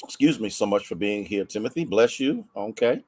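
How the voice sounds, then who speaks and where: An American man, a pastor, chatting warmly with livestream viewers and greeting them by name, a bit congested from sneezing. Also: fairly low pitch, expressive, fairly quick, no room sound.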